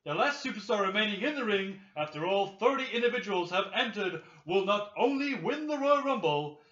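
A man with a Yorkshire accent voicing a wrestling ring announcer, reading out match rules in a drawn-out, sing-song way. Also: high-pitched, lively intonation, fairly bright tone. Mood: grand, announcing. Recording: echoey room, dull lo-fi sound.

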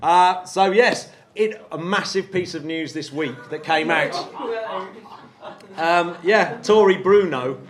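A man from England co-hosting a space podcast in casual, excitable chat, laughing often. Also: on the high side, takes it slowly, a crowd in the background. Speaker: podcast co-host.

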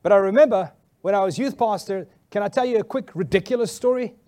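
A male pastor telling a funny story in a sermon, animated and laughing often. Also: high-pitched, quick pace.

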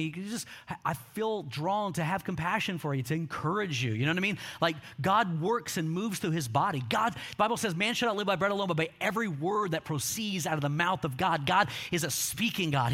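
A middle-aged man preaches with a notably high, bright voice. He tells stories, slips into quoted voices, and calls on the congregation to answer back. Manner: storytelling with quoted voices, call-and-response. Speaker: pastor. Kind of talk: sermon.

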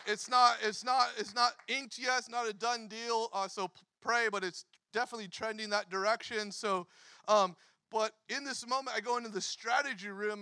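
A pastor in his thirties telling a story in a sermon, animated, acting out quotes and laughing often. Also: high voice, no room sound.

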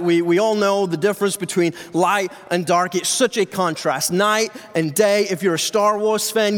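A man's voice: high-pitched, fairly bright tone. A male pastor giving a sermon in a conversational, joking way to his congregation. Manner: conversational preaching, jokes with congregation. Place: church sanctuary with live audience. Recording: reverberant hall sound.

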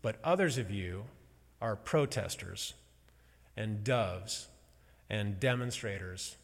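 A man giving a personal sermon in a slow, halting, emotional storytelling way, pausing often. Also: on the low side, lively intonation, creaky, breathy edge. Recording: long hall reverb.

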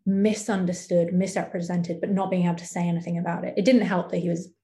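A young adult woman speaking candidly as an interview guest, reflective and hesitant, with many pauses and ums. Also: lowish voice, flat delivery, dark tone. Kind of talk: candid personal interview talk.

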